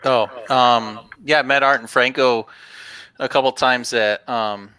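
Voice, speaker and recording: A man who draws comics, talking casually on a podcast and recalling how he met the crew, pausing often to search for words. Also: mid-range voice, steady tone, bright, forceful tone, rough recording. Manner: hesitant, many ums. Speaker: cartoonist guest. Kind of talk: casual chat.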